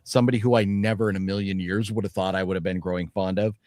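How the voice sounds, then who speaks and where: A man's voice: deep voice, fairly even intonation, fast, darkish tone, no room sound, clean studio sound. A man hosting a casual podcast, chatting and reading off celebrity birthdays. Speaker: podcast host. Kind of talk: casual chat.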